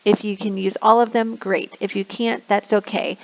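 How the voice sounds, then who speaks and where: A woman explaining classroom screens as an online English teacher, now and then slipping into a slow sing-song to model prompts for kids. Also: medium pitch, little pitch movement, creaky. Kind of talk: instructional screen walkthrough. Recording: dull lo-fi recording.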